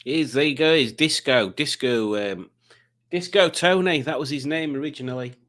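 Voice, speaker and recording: A man's voice: medium pitch, moderate pace, a bit bright. A man hosting a quiz livestream, chatting casually and reading viewer comments aloud with rambling, self-mocking asides. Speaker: quiz host.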